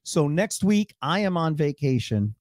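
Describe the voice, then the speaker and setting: A man's voice: fairly high pitch, very animated, unhurried, darkish tone, dry recording, clean studio sound. A man hosting a comedy podcast in casual chat, upbeat and chatty, swearing now and then. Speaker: podcast host. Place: home studio room.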